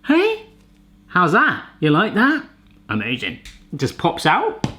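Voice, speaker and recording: A man hosts a kitchen gadget video, chatting casually and cracking playful jokes in a casual vlog style. As a gadget reviewer and show host, he speaks slowly in a high, pushed, bright voice with huge swings in pitch.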